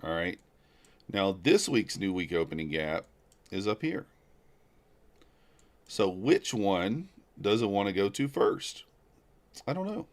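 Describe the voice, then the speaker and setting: Low-voiced man musing over live charts. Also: sing-song, takes it slowly, long pauses. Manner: casual, thinking aloud, chatting with viewers. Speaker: livestreaming futures trader. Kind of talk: live market commentary.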